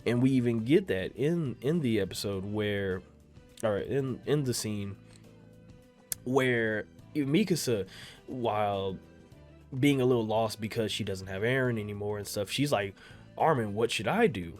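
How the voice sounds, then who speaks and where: A young man giving casual commentary on an anime episode, rambling and profane, repeating himself and jumping suddenly loud and high when worked up. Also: unhurried, soft background music. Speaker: anime reaction video creator.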